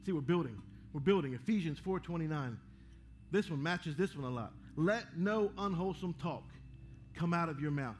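A man's voice: on the high side, lively intonation, moderate pace, a little hiss or hum. A man preaching a sermon as pastor, calling out to the congregation with rising fervor between quoted verses. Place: church sanctuary.

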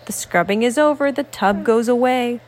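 A woman reading a picture book aloud to a child, slow, sing-song and expressive. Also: on the high side.

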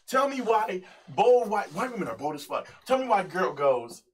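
A man's voice: a little high, sing-song, fast talker, few pauses. A young man co-hosting a casual podcast, telling a story in slang, tagging lines with "right?" and laughing often. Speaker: podcast co-host. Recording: distant mic, faint noise.

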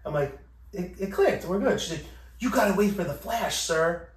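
A man's voice: sits high, animated, moderate pace. A man hosting a podcast, telling a story casually with lots of swearing and acting out both sides of the exchange. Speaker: podcast host. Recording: echoey room, distant from mic.

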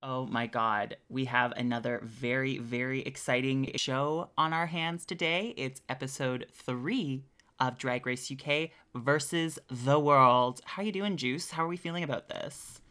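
A woman's voice: rumbling low, measured pace, a bit bright, clean tone. A woman co-hosting a podcast in casual chat, upbeat and steering the conversation. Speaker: podcast co-host.

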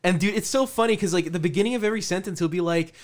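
Young male co-host, higher voice, quick and animated, rambling jokester. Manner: rambling, full of filler words, joking. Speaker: podcast co-host. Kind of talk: casual chat.

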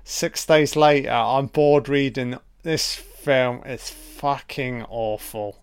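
A man's voice: medium pitch, steady tone, slow pace, hardly any pauses, smooth, dry recording, clean studio sound. A man giving a profane, sarcastic film commentary, ranting in exasperation. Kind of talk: audio commentary rant.

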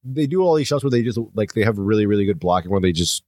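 A man's voice: fairly low pitch, lively intonation, fast, a little mellow, no room sound, studio quality. A young adult man co-hosting a podcast, casually recapping a film with jokes, laughter and swearing. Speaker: podcast co-host. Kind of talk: casual movie commentary chat.

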